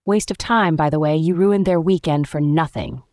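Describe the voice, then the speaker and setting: A woman's voice: sits low, normal speed, darkish tone, no echo, studio quality. A woman voicing a cocky male engineer who talks in a dismissive, mocking way, in a read-aloud story. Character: cocky rule-breaking male engineer, sardonic.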